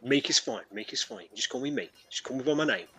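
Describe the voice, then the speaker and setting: A man voicing a big, gruff male goat-man blacksmith in a tabletop game. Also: mid-range voice, lively intonation, quick pace, pushed and bright. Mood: touchy.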